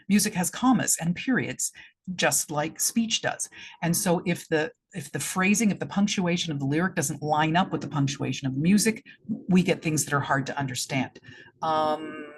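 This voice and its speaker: A woman's voice: low voice, a little hiss or hum. A middle-aged woman, a director giving feedback in a vlog, talking through her points with frequent restarts and tapping out beats aloud. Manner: restarts and demonstrates stresses aloud. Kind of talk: explanatory vlog talk.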